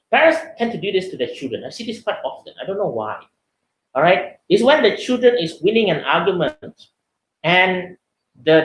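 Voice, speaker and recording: A man with a Malaysian English accent giving a webinar lecture, lively and animated, acting out the voices of people he quotes. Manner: lively, acts out quoted voices in high pitch. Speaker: seminar speaker. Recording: echoey room.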